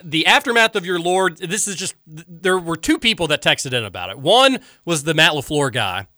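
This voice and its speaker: Animated, bright-voiced male talk host. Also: a little high, no echo, studio quality. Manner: animated, emphatic and quick to rant. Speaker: radio talk show host. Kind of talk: casual sports talk, reading listener texts.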